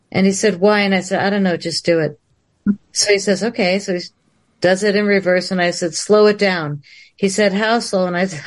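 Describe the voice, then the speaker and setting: A woman filmmaker telling a long story on a livestream, acting out the dialogue in different voices. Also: on the low side. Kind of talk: animated storytelling. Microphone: livestream video call.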